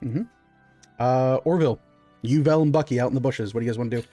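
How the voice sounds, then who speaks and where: A man's voice: mid-range voice, fast talker, warm tone, dry recording, faint music behind. A man running a tabletop game as game master, narrating in a loose, chatty way with lots of fillers.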